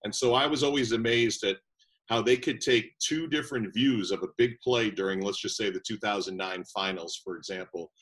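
A man, a basketball broadcaster, telling lively stories as a guest in an interview. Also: on the low side, moderate pace. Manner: lively anecdotal storytelling. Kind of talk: interview storytelling.

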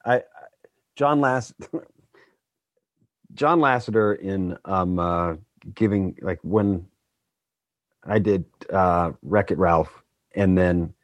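A middle-aged man with a low voice talks loosely about his acting work, rambling and self-deprecating. The sound is dry and close, with no room around it. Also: dry recording. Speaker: voice actor guest. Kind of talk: casual podcast chat.

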